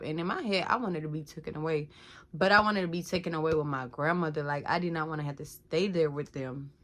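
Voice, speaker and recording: Woman telling her story, lower-pitched. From Georgia, USA. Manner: talkative, frequent "like" and "y'all" addressing viewers. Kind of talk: casual storytelling to viewers.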